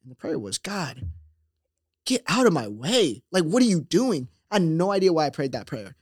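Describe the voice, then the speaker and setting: A young man telling a personal story in a casual, animated way, acting out voices and laughing often. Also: on the high side, normal speed, husky, dry recording, studio quality. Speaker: guest telling his story.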